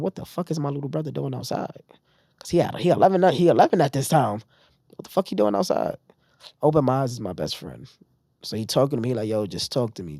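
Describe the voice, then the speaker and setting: A man's voice: mid-range voice, dry recording. New man, casual storyteller, acts out other people's lines, dry close mic. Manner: animated retelling, acting out others' lines. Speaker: podcast guest.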